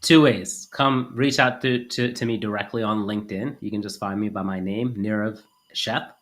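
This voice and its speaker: A man's voice: fairly low pitch, steady tone, normal speed, fairly bright tone. A man speaking as a guest on a business podcast, explaining ideas conversationally with plenty of "like" and "you know" fillers. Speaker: podcast guest, agency founder. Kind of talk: casual interview.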